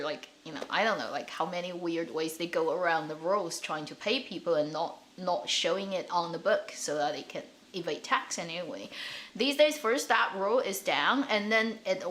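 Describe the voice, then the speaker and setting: A woman's voice: fairly low pitch, slight background noise. Woman ranting about shows. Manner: animated, ranting, laughing, swearing. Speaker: drama commentary host. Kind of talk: casual chat.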